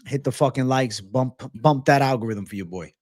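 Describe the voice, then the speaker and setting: A man's voice: medium pitch, moderate pace, darkish tone, no room sound, clean studio sound. A man hosting a livestream of fight picks and betting odds, brash and profane, thanking donors and urging likes. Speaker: MMA betting livestream host.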